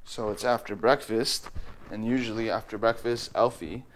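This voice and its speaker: A man casually narrating his daily routine with his pet bird at home, and now and then talking to the bird in a high, sing-song voice. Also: fairly even intonation, normal speed, a little hiss or hum. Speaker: bird owner vlogger. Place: at home in an apartment.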